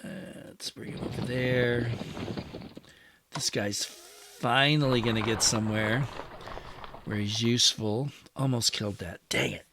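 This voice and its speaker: Male host, unhurried game commentary, mid-pitched voice, addresses his units while thinking aloud. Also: fairly even intonation, noisy background. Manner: musing, talks to his units as he moves them. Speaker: wargame channel host. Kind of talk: casual strategy game play-through commentary.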